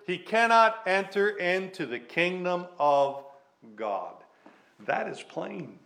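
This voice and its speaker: Male preacher, high-pitched, emphatic and repetitive, halting fillers between points. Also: a bit bright. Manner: preaches with emphatic repetition and drawn-out slow phrases. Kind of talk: sermon.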